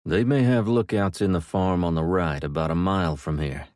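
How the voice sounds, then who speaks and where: A man voicing a cocky rough mercenary. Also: sits low, normal speed, a little mellow, no room sound, studio quality, lightly acted. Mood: plain. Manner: casual, blunt.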